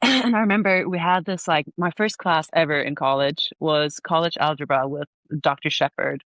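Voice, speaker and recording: A woman's voice: low voice, normal speed, no echo. Swedish woman telling stories with constant "like". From Sweden. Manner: storytelling, animated, heavy use of "like", laughs often. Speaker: podcast guest. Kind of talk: casual chat. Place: remote call.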